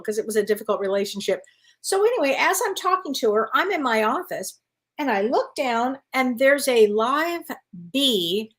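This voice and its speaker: A woman co-hosting a casual spiritual chat show, an animated, chatty storyteller who reads viewer questions aloud. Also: on the high side. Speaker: co-host. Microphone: live online show.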